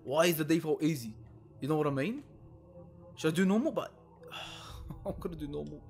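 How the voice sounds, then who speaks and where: A man's voice: on the high side, lively intonation, normal speed, darkish tone, soft background music. A young man commenting nervously on a horror game he plays alone at home, swearing and hesitating. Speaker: gaming video host.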